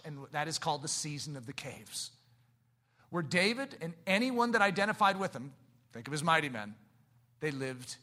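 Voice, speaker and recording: A man delivers a sermon that swings between hushed, low passages and shouted climaxes, pressing his listeners with rhetorical questions.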